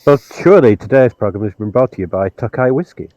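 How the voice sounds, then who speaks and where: A man's voice: mid-range voice, expressive, fast, warm tone, no room sound. A man playing a tabletop game, talking playfully in character and teasing the others. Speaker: player. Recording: slightly dull, lo-fi audio.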